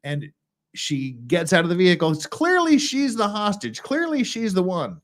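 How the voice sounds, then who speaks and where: With a high-pitched voice that swoops wildly, this American legal commentary host moves at a moderate pace through a casual livestream. He reads legal documents aloud and rambles through blunt, wry asides.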